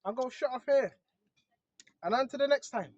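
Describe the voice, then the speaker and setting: A man's voice: extremely high pitch, a little fast, a little mellow, muffled recording. A man giving a casual religious monologue to his viewers, talking conversationally and often tossing in "bro" and "right?". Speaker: online preacher.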